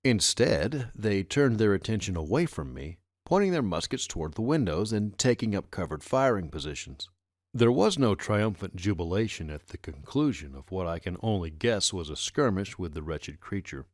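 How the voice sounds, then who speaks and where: A man narrating a first-person adventure audiobook with expressive storytelling. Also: sits low, normal speed, no room sound, clean studio sound.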